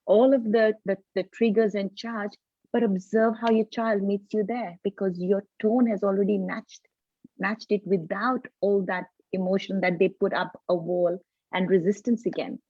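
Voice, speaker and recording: An earnest woman in her forties shares parenting advice in a casual live chat, often pausing and restarting her sentences. Her voice sits in an everyday middle range. The call audio is dry and a little dull. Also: mid-range voice, fairly even intonation, no echo. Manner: earnest, explanatory, with frequent restarts. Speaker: parenting coach, host. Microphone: video call.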